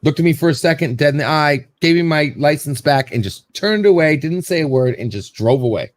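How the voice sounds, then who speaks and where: A man's voice: fairly high pitch, animated, fairly quick, dry recording. A man hosting a casual show, telling a story in a rambling way and acting out what people said. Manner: rambling storyteller, repeats words, acts out quotes. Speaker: show host.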